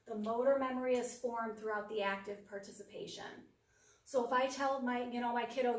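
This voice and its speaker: A woman presents a parenting workshop in a practical, down-to-earth way and briefly acts out the parent's side of each example. Her voice sits a little high for a woman. She sounds distant from the mic, and the room echoes noticeably. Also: steady tone, fairly quick.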